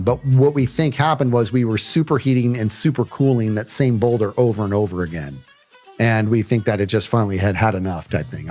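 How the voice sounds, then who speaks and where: A man telling a story on a livestream in a casual, animated way, often saying "dude" and acting out what people said. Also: medium pitch. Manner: animated, says "dude" and "bro" often, acts out quotes.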